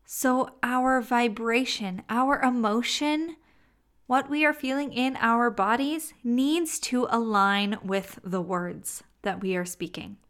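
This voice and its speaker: Slow, bright-voiced woman teaching. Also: a little high. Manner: slow, deliberate delivery with playful asides and laughter. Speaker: self-help teacher. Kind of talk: motivational teaching monologue.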